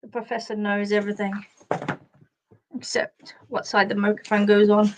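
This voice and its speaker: A woman's voice: a little high, steady tone, normal speed, long pauses, fairly bright tone, slight background noise. An Australian woman hosting a casual live chat, chatty and giggly as she reads out comments. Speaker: host of a live chat show.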